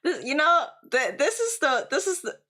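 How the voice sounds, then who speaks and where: A woman's voice: sits high, sing-song, moderate pace, sharp tone. Laughing woman streamer. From Germany. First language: German. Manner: rambling, laughs often, swears casually. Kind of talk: casual reaction stream chat.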